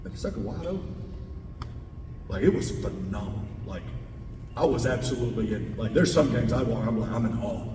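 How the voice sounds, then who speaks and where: A man's voice: animated, a little fast, long pauses. A man, a head football coach speaking to a club and taking audience questions, stressing points by repeating words. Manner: emphatic, repeats key words. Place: large meeting hall indoors. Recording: roomy hall, distant mic, faint rumble.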